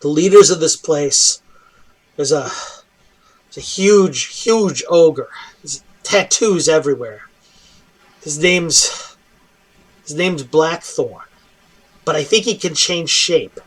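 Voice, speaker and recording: A weary human prisoner, voiced by a man, pleads for rescue in a tabletop game. He rambles and repeats himself, with a voice pitched a bit high. His words stumble over one another. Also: slow, long pauses, slightly rough.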